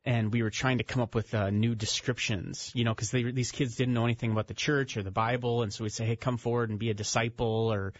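A man's voice: mid-range voice, level tone, fast, few pauses, no room sound. Man, radio guest, earnest, chatty storytelling, dry slightly dull studio sound. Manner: earnest, conversational storytelling with fillers. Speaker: author and ministry founder, studio guest.

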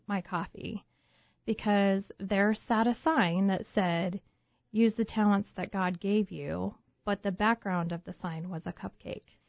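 A woman's voice: medium pitch, vocal fry, dry recording. Woman telling her story, dull dry recording. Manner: lively storyteller who acts out her own past thoughts. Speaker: guest, home baker turned business owner. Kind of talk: personal storytelling in an interview. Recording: dull, muffled lo-fi sound, dry.

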